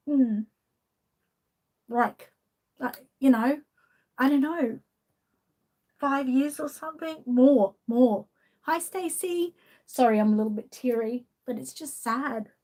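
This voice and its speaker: Chatty Australian woman live streaming. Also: a little high. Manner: chatty, greets viewers by name between thoughts. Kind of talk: casual live-stream chat.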